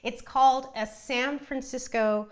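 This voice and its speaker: A woman's voice: sits high, fairly even intonation, unhurried. A woman from Northern California hosting a casual live cooking demo, chatty and giggly and laughing often. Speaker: host of a cooking show.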